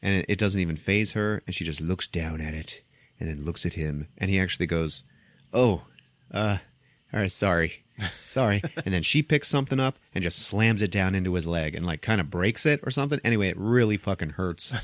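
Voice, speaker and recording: A deep-voiced man tells a movie plot in a loose, comedic way and acts out the characters. He is recorded close and dry, with no room sound. His delivery is animated and conversational. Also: brisk, no echo. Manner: animated storytelling, acting out scenes. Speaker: podcast host. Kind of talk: casual comedic movie recap.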